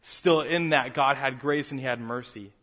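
A man preaching a sermon, moving from quiet reflection to a fervent, raised delivery. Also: medium pitch, normal speed. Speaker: pastor.

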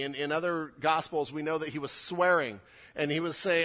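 A man's voice: fairly high pitch, steady tone, normal speed, a bit bright. A man preaching a sermon, acting out quoted lines with rising intensity. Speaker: pastor.

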